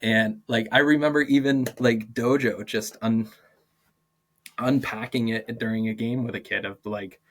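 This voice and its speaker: A young man in his twenties chats as a podcast guest. He tells teaching stories in a lively, animated way, full of "like" fillers and quick laughs, and slips into quoted voices as he goes. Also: mid-range voice. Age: 20s. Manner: animated, acts out quoted dialogue, many "like" fillers, laughs often. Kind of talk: casual interview storytelling.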